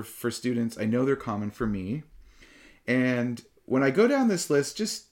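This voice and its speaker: Man, middle-aged, meditation teacher, dharma talk, calm, reflective, even mid-range voice. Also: medium pitch. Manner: calm and reflective, animated when telling stories.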